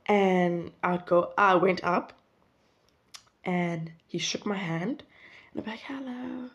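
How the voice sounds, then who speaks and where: Young woman rambling through a story, keeps correcting herself, laughs a lot. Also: medium pitch. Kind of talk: casual storytelling.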